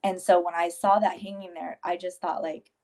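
A woman in her forties, a grieving mother as guest, telling a personal story in a tearful yet steady way and quoting others in lively voices. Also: fairly low pitch, normal speed.

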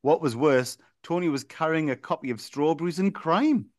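A man co-hosting a podcast, reading a listener's comic story aloud in a deadpan way and breaking into chuckles. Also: a little high, moderate pace, no room sound, studio quality.

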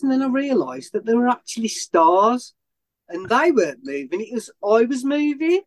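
A man's voice: very high-pitched, very animated, normal speed. A man, a runner being interviewed, who tells a long story in a rambling way with many restarts and self-corrections. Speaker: ultrarunner guest.

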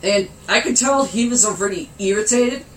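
A man with a high voice tells a funny story at a normal pace, giggling and laughing through it and swearing freely in a casual way. The recording sounds roomy, with faint noise in the background.

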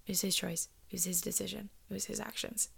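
A woman's voice: mid-range voice, little pitch movement, fast talker, creaky, a bit bright, husky. A woman in casual chat, telling a personal story candidly with plenty of swearing and slipping into whispers for quoted lines.

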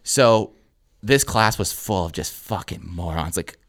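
A man's voice: low voice, animated, a little slow, a crowd in the background. A man co-hosting a podcast, telling a story casually with plenty of swearing and filler words. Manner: laid-back, heavy swearing, lots of "like". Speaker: podcast co-host.

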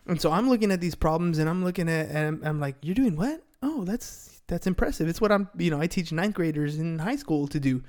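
Upbeat motivational man, fairly high voice. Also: quick pace, hardly any pauses, clear, resonant tone. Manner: energetic, motivational, frequent "right?". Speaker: podcast host and sales coach. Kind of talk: casual podcast chat.

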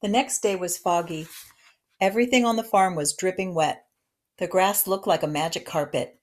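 A woman narrating a children's novel aloud in a gentle, expressive storytelling manner. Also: fairly low pitch, moderate pace.

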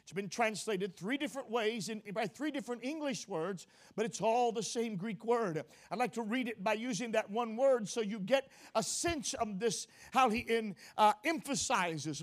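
High-voiced male preacher, emphatic. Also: expressive, normal speed, few pauses. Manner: frequent "uh" fillers and self-corrections; emphatic repetition, rising to forceful declarations. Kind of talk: expository sermon.

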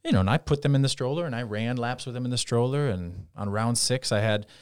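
A man in his thirties with a smooth, mid-range voice chats casually at a quick pace, telling stories and energetically performing quoted lines. The audio is clean studio sound with no echo.

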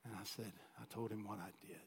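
A man, a pastor, telling a personal story in a sermon, animated and swinging from loud to hushed. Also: fairly low pitch, fast, breathy edge.

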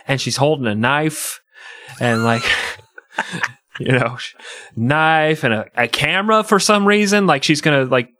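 A man's voice: fairly high pitch, unhurried, long pauses, sharp tone, dry recording. Guy cracking jokes on a podcast, swears a lot, dry mic. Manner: joking, swearing, laughs a lot. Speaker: podcast co-host. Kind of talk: casual chat.

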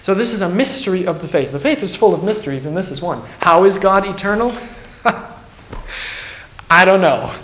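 A man's voice: high voice, animated, normal speed, pauses often, a bit bright. A man, a pastor, teaching a Bible study in an earnest, emphatic way and thinking aloud as he goes. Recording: roomy echo.

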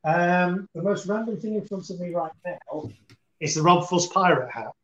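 A man's voice: high-pitched, moderate pace, a bit bright, highs cut off. Playful man, echoey room. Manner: playful, giggly. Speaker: co-host and stream producer. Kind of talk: casual chat.

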